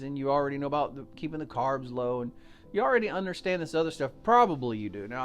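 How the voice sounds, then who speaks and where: An American man hosting a solo podcast, chatting casually and walking listeners through simple numbers step by step. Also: on the high side. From United States. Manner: chatty, folksy, explains step by step with fillers. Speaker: podcast host.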